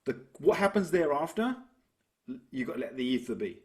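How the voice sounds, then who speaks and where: A man, a business coach talking through ideas and telling stories in a relaxed interview. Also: mid-range voice, moderate pace. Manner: reflective, tells stories to make a point. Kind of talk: conversational interview.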